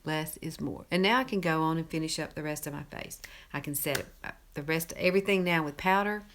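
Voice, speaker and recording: A woman's voice: sits low, a little fast, a bit bright, slight background noise. A middle-aged woman from Alabama with a Southern accent, hosting a casual makeup tutorial in a chatty, folksy way and repeating herself for emphasis. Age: 50s. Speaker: beauty tutorial host.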